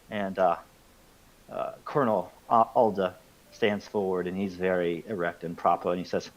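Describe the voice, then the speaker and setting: A man's voice: deep voice, steady tone, normal speed. A man narrating as game master in a casual, rambling way with many fillers. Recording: dull lo-fi sound with faint music.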